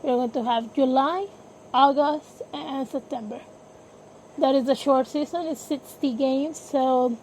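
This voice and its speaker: Female podcast host, high voice, unhurried, hesitant, self-correcting, faint background noise. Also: low-quality recording. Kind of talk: casual sports podcast talk.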